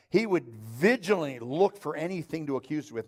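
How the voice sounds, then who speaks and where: A man's voice: on the high side, lively intonation, fairly quick, hardly any pauses. A middle-aged man preaching a sermon on a church stage, telling stories with acted-out dialogue and dry humor. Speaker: pastor.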